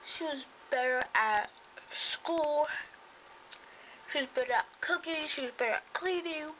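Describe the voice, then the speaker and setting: A woman's voice: high voice, measured pace, pushed and bright, far from the mic. A woman acting out a homemade story, voicing several characters in bickering, teasing dialogue. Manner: plays back-and-forth dialogue, bickering and teasing. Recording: dull lo-fi home recording with faint noise.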